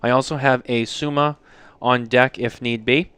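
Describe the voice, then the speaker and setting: Male podcast host, smooth clear voice, teasing and profane, casual banter in a studio lounge. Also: medium pitch, steady tone, moderate pace, fairly bright tone, no room sound. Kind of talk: casual chat.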